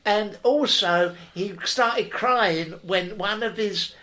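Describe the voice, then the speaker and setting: A man co-hosting a podcast, dryly feeding a comic story and chiming in with quick agreement. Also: sits high, pushed and bright. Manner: dry, egging the story on with quick "yeah"s. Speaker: podcast co-host.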